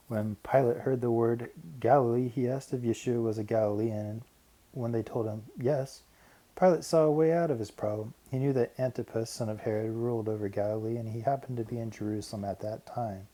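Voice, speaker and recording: A man narrating a Bible passage in a measured, steady reading. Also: medium pitch, low-quality recording. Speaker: Bible reader. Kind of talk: scripted narration.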